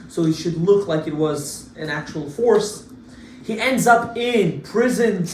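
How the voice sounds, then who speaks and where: A man, a rabbi, giving an informal Torah class with animated storytelling, swinging his pitch and loudness for emphasis. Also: echoey room, distant mic, slight background noise, rough recording. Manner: talks to class, asides to listeners.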